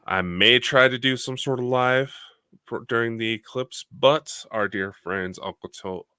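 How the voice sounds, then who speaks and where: A man's voice: mid-range voice, a little slow, bright, forceful tone, clear, resonant tone, no echo, studio quality. A man co-hosting a podcast in an easygoing, conversational way. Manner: easygoing, conversational, plugs friends' channels. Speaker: podcast co-host. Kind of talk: casual chat.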